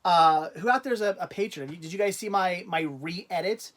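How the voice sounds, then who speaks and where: A man hosting a casual livestream in a fairly high voice. He rambles and drifts off mid-thought, restarts his sentences, and breaks into easy laughter as he chats on. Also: moderate pace, fairly bright tone. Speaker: livestream host.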